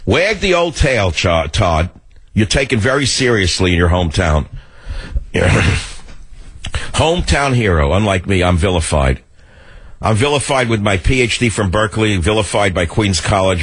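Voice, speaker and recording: A man's voice: low voice, expressive, normal speed, husky. A male radio talk show host delivering a combative, sarcastic monologue.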